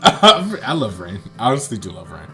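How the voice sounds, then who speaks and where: A man's voice: lowish voice, huge pitch swings, normal speed, fairly bright tone, faint music behind. A man hosting a game playthrough, chatting with viewers and reading the story aloud, often laughing self-consciously. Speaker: let's play host.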